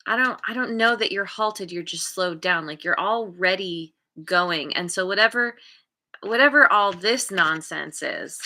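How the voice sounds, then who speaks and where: A woman's voice: mid-range voice, a little slow, bright, forceful tone. A woman giving a live tarot reading and thinking aloud, meandering and often restarting as she searches for words. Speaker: tarot card reader.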